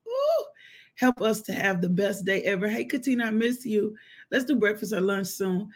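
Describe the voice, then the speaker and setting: A woman hosts a live devotional. She is emotional and exclamatory, breaking into spoken prayer and shouts of praise. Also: medium pitch, normal speed. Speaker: devotional host.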